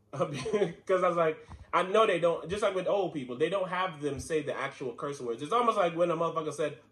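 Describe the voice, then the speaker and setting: A man's voice: fairly high pitch, fairly quick, a bit bright. A man co-hosting a podcast in casual, playful chat, laughing often and using slang. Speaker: podcast co-host. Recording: roomy echoey room.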